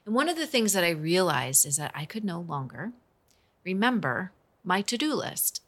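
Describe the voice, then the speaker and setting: A woman in her forties speaks in an earnest, conversational way as she tells a personal story. Her voice sits low, but its tone is bright and forceful. She coaches business owners. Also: big pitch swings, normal speed. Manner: earnest, emotional, conversational with restarts.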